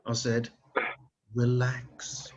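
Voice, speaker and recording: A man's voice: medium pitch, monotone, drawn-out words, a little mellow, slight background noise. A Scottish man doing crude, swearing one-liner stand-up comedy over a video call. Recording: dull lo-fi video call audio.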